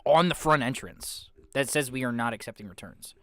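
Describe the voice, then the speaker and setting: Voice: medium pitch, dry recording. A podcast co-host in casual chat who asks a lot of questions. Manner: lively, questioning, drawn-out talk.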